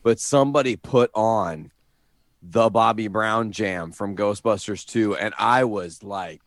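Profane, excitable podcast man. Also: fairly low pitch, measured pace, no room sound, studio quality. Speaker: podcast co-host. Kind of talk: casual chat.

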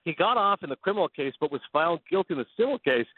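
A Canadian man on a sports radio show, telling animated stories in quick casual chat over a phone line. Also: fairly high pitch. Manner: animated, fast storytelling with laughs.

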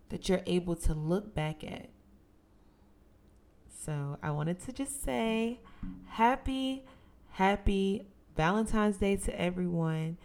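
Lively young woman podcast host. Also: fairly low pitch, measured pace. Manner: expressive, playful, sisterly and emphatic. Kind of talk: casual solo podcast talk.

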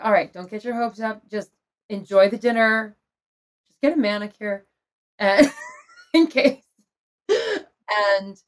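Middle-aged woman spilling her story, open and emotional, laughs a lot. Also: medium pitch. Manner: candid, emotional, laughs often. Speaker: guest telling her story. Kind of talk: personal storytelling in conversation.

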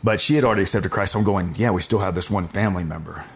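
A deep-voiced man in his forties, speaking low and steady, tells a personal story to an interviewer. He is earnest and often halts and restarts his sentences. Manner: earnest, halting, with frequent restarts. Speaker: guest telling his faith story.

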